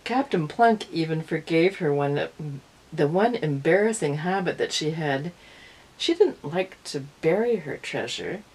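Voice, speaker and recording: Woman storyteller for kids, husky, expressive, lively pitch. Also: a little slow, rough recording. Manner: expressive read-aloud. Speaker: early-years storyteller. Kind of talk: reading a picture book aloud to children.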